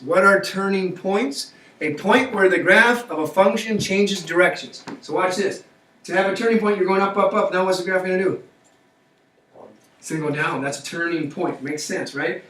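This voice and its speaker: A man teaches a math class in a high, fairly bright voice, frequently pausing to check in with questions that coax students along. The classroom lecture sounds echoey, recorded from a far-off mic.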